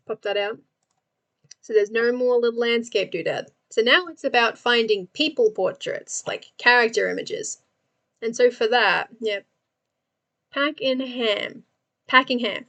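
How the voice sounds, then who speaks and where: Young aussie woman on a livestream, giggly and chatty, voice sits a bit high. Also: fairly bright tone. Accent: Australian. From Australia. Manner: giggly, chatty, talks to chat while working. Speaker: livestream host. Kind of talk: casual livestream chat.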